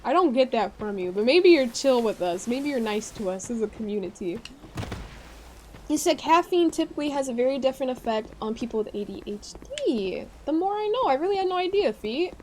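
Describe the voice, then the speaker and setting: A young woman with a Midwestern American accent, chatting with her live-stream chat while playing a game, reading messages aloud with excitable reactions. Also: a little high, moderate pace, a little hiss or hum.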